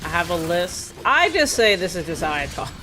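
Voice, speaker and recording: A woman's voice: lowish voice, very animated, moderate pace, music in the background. Chatty, sarcastic woman game streamer. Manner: chatty, rambling, laughs often, sarcastic. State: tired. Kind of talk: casual live-stream chat while playing.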